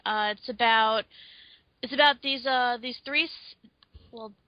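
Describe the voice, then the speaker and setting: Woman, animated podcast co-host, playful, dry dull recording. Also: fairly high pitch, slow, no echo. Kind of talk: casual podcast chat.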